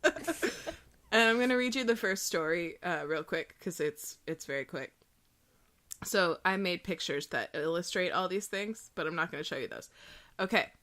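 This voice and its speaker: A woman's voice: lowish voice, lively intonation, moderate pace, a bit bright. A woman co-hosting a podcast, chatting casually, rambling and giggling as she reads aloud. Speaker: podcast co-host. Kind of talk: casual chat.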